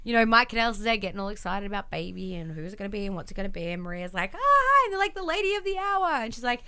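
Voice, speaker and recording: A woman's voice: medium pitch, lively intonation, rapid-fire, sharp tone, smooth. A woman co-hosting a podcast, recapping events in casual chat and acting out quotes in exaggerated voices. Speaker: podcast co-host.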